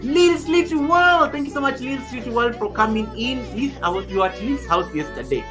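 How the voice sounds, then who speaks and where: A young woman from Kenya hosting a casual livestream, talking loudly and warmly greeting viewers by name. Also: on the high side, lively intonation, fast. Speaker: livestream host. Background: background music.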